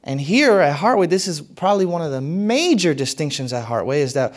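Man preaching, fairly high voice, emphatic, swings from loud to soft, church hall. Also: fairly quick, few pauses. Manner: animated, emphatic preaching with big swings in loudness. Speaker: pastor. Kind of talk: sermon.

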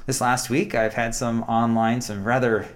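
A man co-hosting a casual Bible study talk, calm and reflective, often murmuring agreement. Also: mid-range voice, normal speed. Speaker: co-host of a Bible study show.

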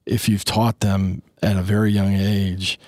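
Earnest man in his fifties, low voice. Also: little pitch movement, unhurried, darkish tone, no echo, studio quality. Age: 50s. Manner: earnest, acts out family dialogue in quotes. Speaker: parenting advice speaker. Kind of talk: casual advice talk.

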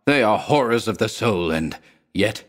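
A man voicing a terrified, drug-haunted man in a storybook reading, who swings between shrieks and moaning, hoarse whispers. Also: on the low side, lively intonation, unhurried.

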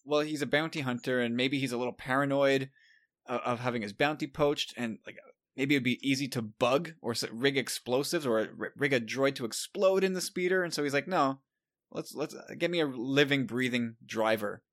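A man co-hosting a podcast, talking in an animated, casual way. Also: mid-range voice, moderate pace. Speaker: podcast co-host. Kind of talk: casual chat.

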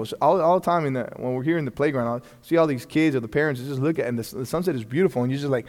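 A man with a medium-pitched, darkish voice teaches a Bible lesson conversationally, talking rapidly with few pauses. He often restarts sentences, checks in with the class, and acts out bits of dialogue, with long hall reverb on the recording.

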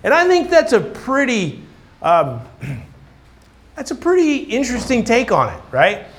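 A man's voice: very high-pitched, wildly swooping pitch, measured pace, fairly bright tone. A man preaching a conversational sermon, often checking in with "right?" in a casual, chatty way. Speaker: pastor.

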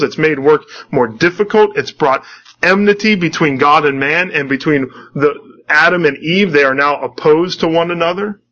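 A man's voice: fairly high pitch, sharp tone, dull audio. A man preaching a sermon, earnestly reading scripture and commenting on it, often repeating words as he restarts.

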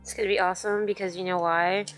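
A woman's voice: medium pitch, little pitch movement, fast, fairly bright tone, faint music behind. A woman co-hosting a casual podcast, chatty and full of fillers. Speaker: podcast co-host.

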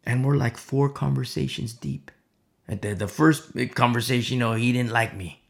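A preacher telling stories in an impassioned sermon, swinging between loud outbursts and hushed near-whispers and repeating phrases for emphasis. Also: medium pitch, normal speed, gravelly.

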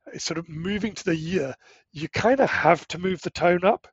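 A middle-aged man talks as an interview guest, explaining things with quick asides and restarts. His voice is a bit husky and sits fairly high. The recording is dry and a little dull. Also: dry recording. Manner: animated, explains with quick asides and self-corrections. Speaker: guest, language-learning startup co-founder. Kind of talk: casual explanatory interview talk.

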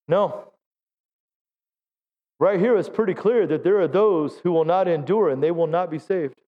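A middle-aged man leads a Pentecostal sermon in a church, pitching his voice high as he urges the congregation to answer him. He breaks up the exhortation with jokes at his own expense. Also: a little slow, dull audio. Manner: exhorting, calls for audience response; self-deprecating humor. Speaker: pastor. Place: church sanctuary.

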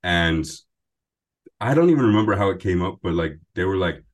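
A young man from Pennsylvania, a bass singer chatting as a guest in an easygoing, storytelling way. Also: lively intonation, fairly quick. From Pennsylvania, USA. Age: young adult. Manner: laid-back, chatty storyteller. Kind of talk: casual interview chat.

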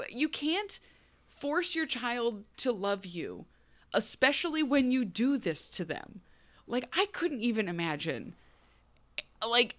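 A woman's voice: medium pitch, moderate pace. A woman co-hosting a podcast, chatting casually about a TV episode, rambling and acting out lines from scenes. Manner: animated, rambling, acts out quoted lines. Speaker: podcast co-host. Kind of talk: casual TV recap chat.

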